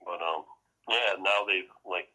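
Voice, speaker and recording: A man's voice: low voice, unhurried, bright, forceful tone, low-quality recording. A man in casual podcast chat, rambling, swearing freely and laughing as he acts out quotes. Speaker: podcast co-host.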